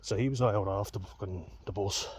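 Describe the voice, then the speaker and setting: A man's voice: fairly low pitch, normal speed, darkish tone, husky. A young Irish man telling a personal story in a vlog, heated, candid and full of swearing. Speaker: vlogger.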